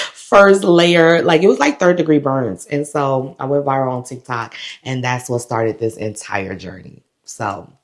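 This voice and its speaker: A woman's voice: very deep voice, a little slow. A woman vlogger from the United States, animatedly retelling a travel ordeal straight to the camera. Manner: animated, dramatic retelling with quoted voices and laughs. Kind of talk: casual storytelling to camera.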